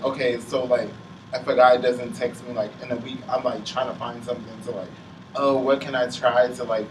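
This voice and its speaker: Young man talking halting and teary. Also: medium pitch. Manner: heavy use of "like", halting, on the verge of tears. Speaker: panelist. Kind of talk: emotional casual chat. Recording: roomy sound from a distant mic with faint noise.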